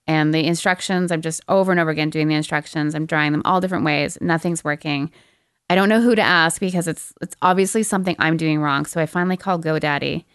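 A young adult woman co-hosting a podcast, telling a story in casual chat, animated and laughing often. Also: low voice, quick pace, smooth, dry recording, studio quality. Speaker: podcast co-host.

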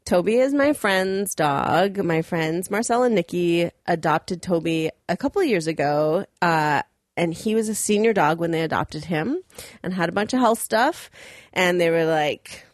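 Rambling, giggly woman, low and dry. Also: lively intonation, unhurried, no echo. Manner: rambling, laughs often, trails off mid-sentence. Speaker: podcast co-host. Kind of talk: casual podcast chat.

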